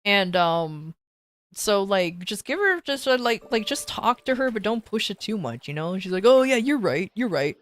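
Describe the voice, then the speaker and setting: A woman's voice: mid-range voice, moderate pace. A woman streamer casually telling a long personal story, rambling with frequent restarts and voicing the people she quotes. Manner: animated when quoting others.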